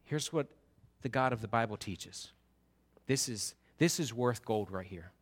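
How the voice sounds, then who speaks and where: A man's voice: mid-range voice, animated, measured pace. A man preaching a sermon in an earnest, emphatic way, often restarting his words.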